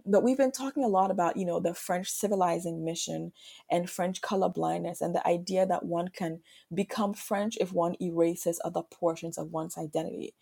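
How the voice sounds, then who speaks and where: A woman's voice: on the low side, creaky, dark tone, husky. A woman from Ghana, a French professor, talking reflectively as a guest in a podcast interview and often checking in with "right?". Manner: reflective, thinking aloud, frequent "right?".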